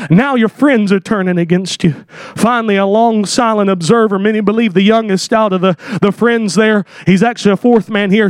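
A man delivering a fervent sermon in a very high voice, building to shouted scripture readings in old-fashioned wording. The sound is dry and close, with no room echo. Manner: impassioned, rising to shouts on scripture. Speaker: preacher.

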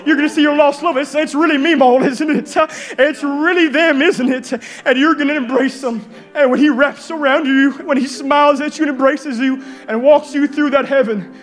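A man preaches a fervent sermon in a church, his very high voice breaking into shouts. Soft piano music plays faintly beneath him. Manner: fervent, shouting with rising intensity.

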